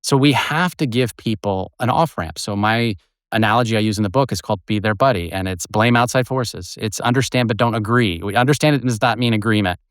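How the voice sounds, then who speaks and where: A middle-aged man, a retired agent and author, explaining his methods in an animated way as an interview guest. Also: lowish voice, fairly quick, no room sound, studio quality. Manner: animated, explains with examples and acted quotes.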